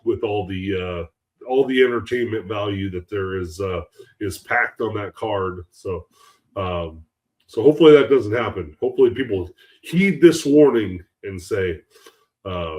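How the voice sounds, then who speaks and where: Man, podcast co-host, measured, fillers, lower voice. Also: lively intonation, a little mellow. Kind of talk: casual podcast chat.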